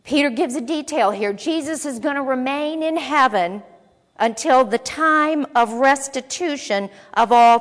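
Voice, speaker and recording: Woman teaching scripture in an echoing hall. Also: sits high. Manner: conversational, reading scripture aloud with frequent asides. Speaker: Bible teacher. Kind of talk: sermon. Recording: long echo of a large hall.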